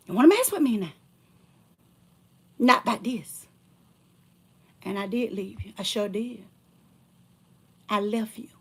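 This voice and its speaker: A woman speaking as a motivational speaker, confronting someone in a heated live-stream address to her viewers. She talks colloquially and repeats herself, swinging between loud outbursts and hushed whispers. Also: mid-range voice, husky.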